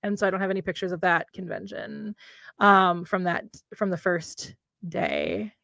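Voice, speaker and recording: A woman's voice: lowish voice, very animated, moderate pace, gravelly, a bit bright, dry recording. A woman co-hosting a casual livestream chat, rambling and breaking off to talk to her pet. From United States. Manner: rambling, talks to her pet mid-sentence. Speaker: co-host. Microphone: condenser mic.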